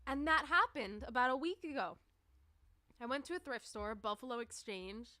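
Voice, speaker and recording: A woman's voice: high voice, animated, moderate pace, pushed and bright, dry recording, clean studio sound. A woman chatting casually on a livestream, rambling and peppering her talk with "like.". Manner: rambling, chatty, many "like" fillers. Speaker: livestreamer and musician.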